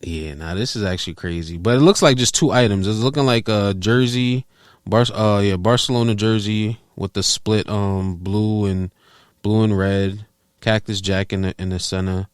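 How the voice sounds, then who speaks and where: A man's voice: fairly low pitch, moderate pace, clear, resonant tone, no echo, clean studio sound. A man from New York City with a New York accent, co-hosting a podcast in casual chat and acting out little quoted bits. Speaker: podcast co-host.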